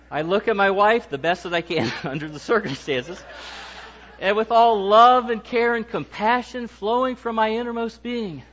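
A man's voice: sits high, fairly bright tone, dull audio. A man in his fifties preaching a humorous sermon in a joking, self-deprecating, conversational way. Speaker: lay preacher.

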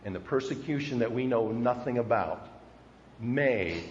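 An older man preaching a sermon, earnest and emphatic, slowing down to stress key words. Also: medium pitch, animated, slight background noise. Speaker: pastor. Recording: muffled, reverberant hall.

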